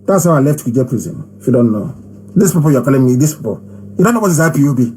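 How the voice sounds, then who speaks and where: A man giving an impassioned live broadcast address, emphatic and repetitive, hammering phrases with long pauses. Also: mid-range voice, big pitch swings, mellow, slight background noise, low-quality recording. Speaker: movement leader hosting a live broadcast.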